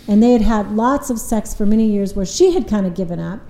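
A woman's voice: medium pitch, lively intonation, brisk, few pauses, dark tone, reverberant, low-quality recording. A woman couples therapist explaining relationship patterns in an earnest, conversational way, often retelling what her clients said.

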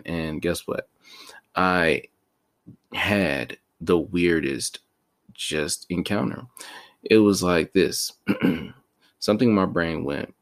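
A man's voice: low-pitched, slow pace, long pauses. A man talking in a slang-heavy, rambling and self-mocking casual monologue as a podcast host.

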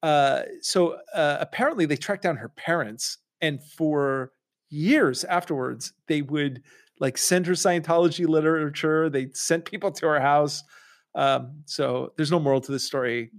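Animated joking male podcast host. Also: fairly high pitch, a little slow. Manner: animated, jokey, acts out quoted voices. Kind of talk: casual comedic storytelling.

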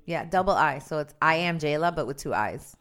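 A woman's voice: sits low, lively intonation, fairly quick, fairly bright tone. A woman who works in radio, co-hosting a podcast in a playful, bubbly casual chat. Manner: playful, bubbly, laughs often. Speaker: radio personality, podcast co-host.

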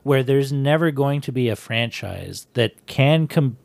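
A man co-hosting a podcast, excitable in casual chat and sometimes searching for words. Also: mid-range voice, measured pace, gravelly, dry recording. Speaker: podcast co-host.

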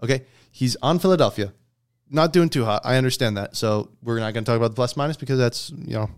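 A man's voice: medium pitch, fast talker, clear, resonant tone. A man hosting a casual sports podcast, debating hockey picks and reading out stats with frequent "okay?" check-ins. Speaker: podcast host.

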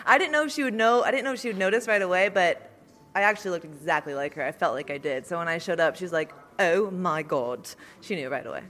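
A woman's voice: on the low side, fast talker, fairly bright tone. A young woman fighter answering interview questions in a laid-back, playful way. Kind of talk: casual interview.

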